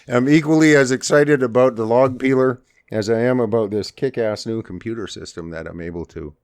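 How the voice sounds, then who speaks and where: A man co-hosting a podcast, bantering in casual chat with a joking, relaxed manner. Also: mid-range voice, fairly quick, smooth, no room sound, clean studio sound. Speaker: podcast co-host.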